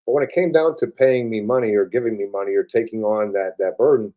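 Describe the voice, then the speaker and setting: A man in his forties from upstate New York, a military veteran whose Buffalo accent is mixed with Southern, talks casually in an interview. He rambles fast in a lowish voice, full of fillers, restarts and casual swearing, and the audio is narrow and tinny.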